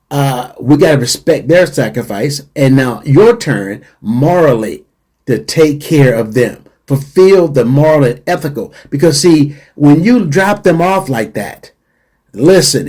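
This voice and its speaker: A middle-aged man talks to his radio listeners in an earnest, emphatic way and comes back to his main points again and again. His voice sits a little high for a man. Its tone is dark and mellow. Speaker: radio show host. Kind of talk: radio talk show monologue.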